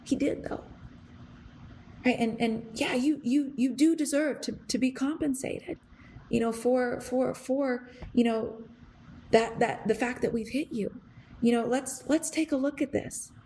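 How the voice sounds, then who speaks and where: A young adult podcast host speaks in a high, mellow voice, a little slow, with slight background noise. Her reflective storytelling monologue is earnest and rambling, full of fillers and restarts, and she becomes emotional, nearly crying.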